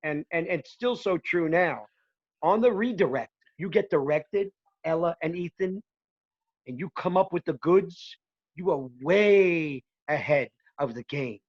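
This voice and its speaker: A man praising acting students over a video call, halting with many repeated words. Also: fairly high pitch, animated, dull audio. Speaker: guest comedian and actor. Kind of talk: acting feedback.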